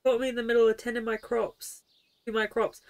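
A woman's voice: a little high, level tone, fairly quick, natural voice. A woman reading aloud a folksy farmer neighbor's lines from a video game, in a chatty, plain voice. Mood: friendly.

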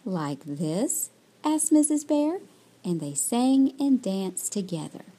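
Woman, children's book read-aloud, slow, expressive, mellow, fairly high voice.

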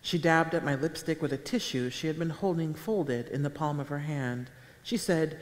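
A woman author reading her own fiction aloud at a public event, with a measured, deadpan delivery. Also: sits low. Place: town hall auditorium with a live audience. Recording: echoey live hall sound.

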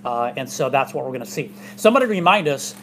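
A male pastor speaks fast at a medium pitch, his tone fairly bright and intonation lively, as he gives a conversational sermon in a church sanctuary. Slight background noise is present, and his delivery is chatty, packed with fillers and side remarks.

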